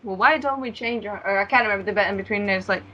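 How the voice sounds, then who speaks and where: A woman co-hosting a let's-play, playful and quick to jump into silly voices. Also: mid-range voice, sharp tone, dull audio, a little hiss or hum. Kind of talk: casual gameplay commentary.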